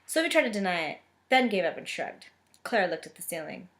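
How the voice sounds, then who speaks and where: A woman's voice: medium pitch, very animated, a little fast, a bit bright. A young woman reading a romance novel aloud, breaking off for sarcastic asides. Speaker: book reader and reviewer. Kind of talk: casual book reading with commentary.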